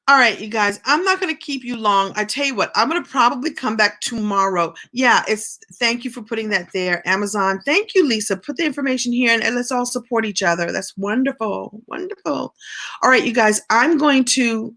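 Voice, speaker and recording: A woman's voice: fairly high pitch, animated, fairly quick, sharp tone. A middle-aged woman coaching in a casual live stream, chatty and encouraging as she answers viewer comments. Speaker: business and writing coach.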